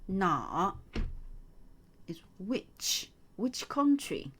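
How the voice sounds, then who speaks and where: A woman teaching a beginners' lesson, speaking slowly and patiently and repeating each phrase for the learner. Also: mid-range voice, big pitch swings, a bit bright, a little hiss or hum. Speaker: Chinese tutor. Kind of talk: slow, clear language lesson.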